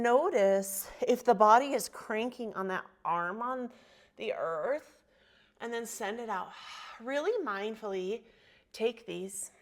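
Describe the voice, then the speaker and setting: A woman teaching a yoga class, cueing poses and breath with encouraging, motivational talk and spoken affirmations. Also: a little high. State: slight frog in her throat. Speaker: yoga instructor. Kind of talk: guided yoga class instruction.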